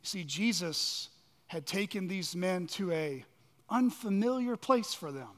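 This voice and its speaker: A man with a strikingly high voice preaches a sermon, pressing hard on key words and then sinking into hushed, slow phrases. His voice rings with a long reverb, as in a church sanctuary. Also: expressive. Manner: dramatic preaching, swinging from loud emphasis to hushed lows. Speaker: pastor.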